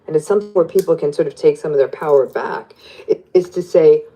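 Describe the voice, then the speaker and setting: A woman psychologist explaining in an interview, animated and lively as she acts out what people say. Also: deep voice, fast talker, low-quality recording. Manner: animated, plays out quoted voices. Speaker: psychologist guest.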